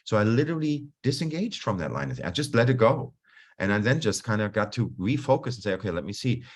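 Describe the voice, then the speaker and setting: A man coaching a group on stress in a relaxed, conversational way over a video call, often restarting his sentences and acting out his own inner dialogue. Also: medium pitch, fast. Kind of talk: online talk on stress.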